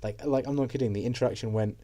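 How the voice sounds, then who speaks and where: A man's voice: medium pitch, racing, dark tone. A young man telling a casual story to camera, rambling with lots of fillers and swearing. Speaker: vlogger.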